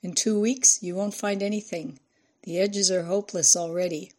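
A woman's voice: medium pitch, fairly even intonation, normal speed, darkish tone, natural voice. A woman reading voicing a male local official who speaks Tagalog-accented English in an audiobook. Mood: urging.

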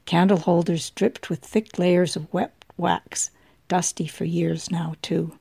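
A woman narrating an audiobook in a measured manner, softly dropping her voice at times. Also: on the low side, steady tone, vocal fry, husky, no echo.

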